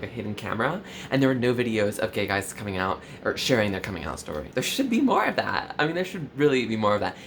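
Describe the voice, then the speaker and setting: A young man talking straight to the camera in a mock-earnest, confessional tone. He leans on valley-girl fillers and his pitch jumps up sharply, while faint noise sits behind him in a small room. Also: a bit bright. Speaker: comedy vlogger. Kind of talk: parody confessional vlog.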